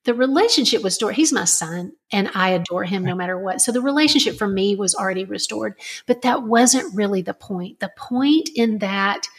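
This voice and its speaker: A woman's voice: mid-range voice, normal speed, hardly any pauses. A middle-aged woman, a parenting author, earnestly telling a family story as a podcast guest. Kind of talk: conversational storytelling.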